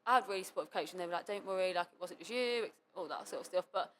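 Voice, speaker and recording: A young woman chats rapidly on a podcast, her voice sitting on the low side. She fills her talk with fillers and quoted thoughts. A faint hum sits underneath. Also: a bit bright. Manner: chatty, lots of fillers and self-quotes. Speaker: guest cheerleader. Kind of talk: casual podcast chat.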